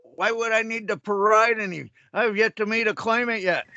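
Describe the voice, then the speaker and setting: A man's voice: high voice, steady tone, normal speed, sharp tone, dry recording. A man in casual conversation with a laid-back manner, mostly giving short agreeing replies.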